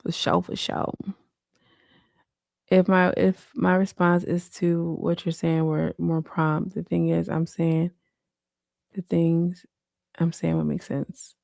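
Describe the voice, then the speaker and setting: A woman's voice: lowish voice, flat delivery, slow pace, creaky, long pauses, darkish tone, no echo, clean studio sound. A woman hosting a casual late-night livestream, talking in slang and answering viewer comments. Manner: slangy, frequent "like" and "you know". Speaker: livestream host.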